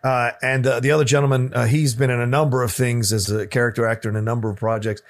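A man's voice: mid-range voice, steady tone, quick pace. A man co-hosting a film podcast, talking with enthusiastic, emphatic praise. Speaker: podcast co-host. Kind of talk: casual film discussion.

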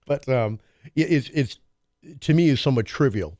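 A man's voice: medium pitch, lively intonation, moderate pace, darkish tone, no echo, studio quality. A man hosting a talk radio show, musing on current events in a rambling, hesitant way full of fillers. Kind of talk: casual political talk.

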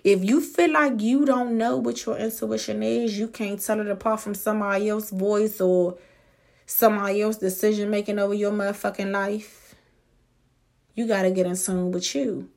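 A woman hosting a podcast, giving a blunt, profane motivational monologue with emphatic, drawn-out words. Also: mid-range voice, fairly even intonation, vocal fry, a little mellow. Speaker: podcast host.

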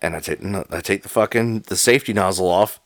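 A man with a fairly low voice tells a rowdy backyard story, swearing constantly. The sound is dry and close, with no room echo. His delivery is loose and animated, a friend chatting over drinks. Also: quick pace, creaky. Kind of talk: casual storytelling chat. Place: home, drinking whiskey with a friend.

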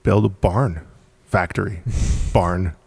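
Gravelly deep-voiced man, blunt and driven. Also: steady tone, takes it slowly, darkish tone, no room sound. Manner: blunt, driven, swears casually, laughs between points. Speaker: podcast guest, apparel company founder. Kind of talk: casual storytelling interview.

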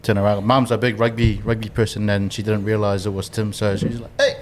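A man's voice: fairly low pitch, level tone, brisk, slight background noise. Casual rambling New man. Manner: rambling storyteller with many fillers. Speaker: podcast co-host. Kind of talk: casual storytelling chat.

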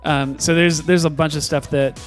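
A man's voice: on the high side, fairly even intonation, normal speed, faint music behind. A man hosting a podcast in a casual, rambling way, with many fillers and restarts. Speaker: podcast host.

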